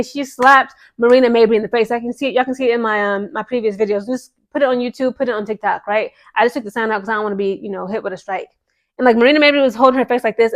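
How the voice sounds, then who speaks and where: Fast-talking high-voiced woman vlogger. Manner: animated, repeats "okay?" often. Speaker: sports commentary vlogger. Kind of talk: casual sports gossip commentary.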